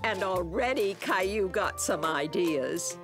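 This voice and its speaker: A woman giving simple, gentle scripted narration for an animated children's series. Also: fairly low pitch, slow, music in the background.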